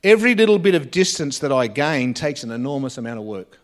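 A man preaching a sermon, earnest, with frequent pauses and phrase endings that drop soft. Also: mid-range voice, sing-song. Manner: earnest, pausing often and dropping softly at phrase ends.

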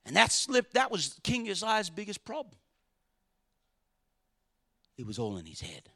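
A man preaching a sermon, swinging dramatically between shouted lines and hushed ones. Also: high voice, wildly swooping pitch, unhurried, husky.

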